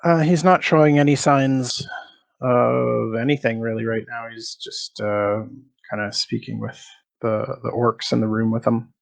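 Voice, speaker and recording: A man runs a tabletop game as game master, narrating in an unhurried, measured way. His mid-pitched voice carries a gravelly edge of fry as he describes what the players see and hear. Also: steady tone, no echo. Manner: measured, describing scenes and asking for rolls.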